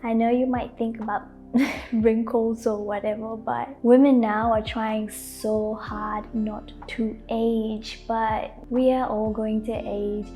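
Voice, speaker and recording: A young woman giving gentle, casual lifestyle advice to camera, laughing often and saying "like" a lot. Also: a little high, flat delivery, takes it slowly. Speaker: lifestyle vlogger. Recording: faint background music.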